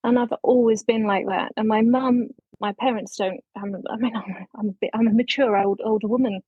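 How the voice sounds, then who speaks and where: A woman's voice: on the high side, steady tone, a little fast, slightly rough, no room sound, phone-quality sound. A woman in her fifties from England introducing herself on a podcast in a bubbly, self-deprecating way. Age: 50s. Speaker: community member.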